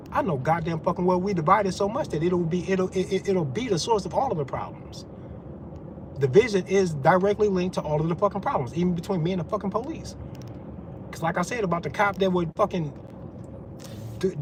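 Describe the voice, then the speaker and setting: A man's voice: high-pitched, background noise. A man giving a profane, confrontational rant as a vlogger. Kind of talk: ranting monologue.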